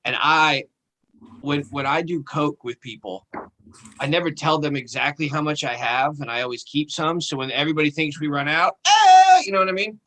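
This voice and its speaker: A man on a podcast telling a profane anecdote in a casual, animated way. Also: fairly high pitch, moderate pace, low-quality recording. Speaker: podcast co-host. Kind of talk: casual storytelling chat.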